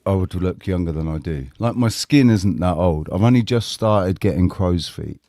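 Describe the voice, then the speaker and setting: A man hosting a casual online panel chat, relaxed and joking while steering the talk. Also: low voice, normal speed, no room sound, studio quality. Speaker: host.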